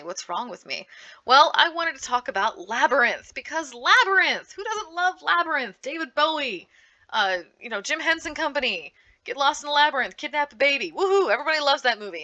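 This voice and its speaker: A woman speaking with lively enthusiasm, recommending comics and manga in a casual panel talk. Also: high voice, fast talker, muffled recording. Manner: lively, animated, frequent restarts and laughs. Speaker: librarian giving a book panel.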